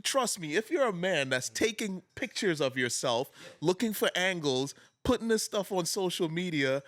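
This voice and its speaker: Teasing man, slightly high voice. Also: expressive, fairly bright tone. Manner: teasing, quick to laugh. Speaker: podcast co-host. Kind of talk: casual chat.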